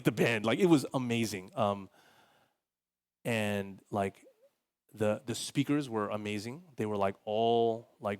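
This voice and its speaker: A male pastor giving a sermon in a casual, conversational way, full of "like" fillers, who acts out the people he quotes. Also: medium pitch. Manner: animated, voices quoted people.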